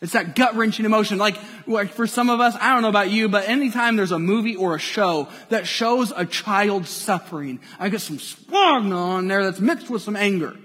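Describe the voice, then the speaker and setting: A male pastor preaching with a notably high voice, playful and engaging as he pulls the congregation along. His words ring out with a long church-hall reverb. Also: normal speed, few pauses. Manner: lively, playful, draws the congregation in. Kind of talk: sermon.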